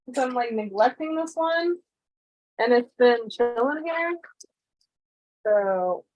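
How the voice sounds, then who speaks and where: A woman's voice: a little high, animated, slow, darkish tone. Rambling, ranting young woman streamer. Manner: rambling, swearing, exasperated rants. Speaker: livestreamer. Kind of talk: casual livestream chat.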